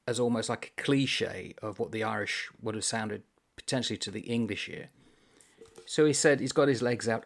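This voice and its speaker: A man's voice: medium pitch, vocal fry. A man hosting a book channel, casually discussing a comic novel in a rambling, amused way and reading passages aloud.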